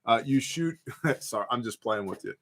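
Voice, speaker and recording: A man's voice: medium pitch, expressive, moderate pace, fairly bright tone, a little hiss or hum. Laid-back man chatting on his porch. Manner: laid-back, rambling storyteller with fillers. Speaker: host of a prepper livestream. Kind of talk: casual livestream chat reading comments. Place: home porch, outdoors.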